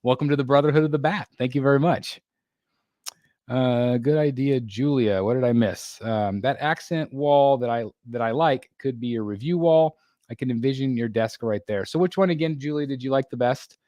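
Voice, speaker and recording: A man's voice: medium pitch, mellow, no echo. A man hosting a casual livestream, reading out viewer comments with lots of fillers, restarts and small laughs. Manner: halting, many fillers and restarts, laughs often. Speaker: livestream host. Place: home room being built.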